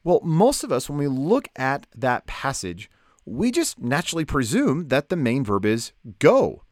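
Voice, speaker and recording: A man teaching a lesson on Bible study in a lively, conversational way, asking rhetorical questions. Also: mid-range voice, unhurried, dry recording, clean studio sound.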